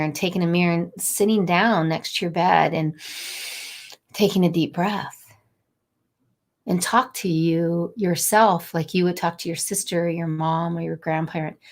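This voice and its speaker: A middle-aged woman talking warmly and a little rambling as she encourages viewers during a live motivational stream. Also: lowish voice. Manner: warm, encouraging, rambling and conversational. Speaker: angel card reader and inspirational host.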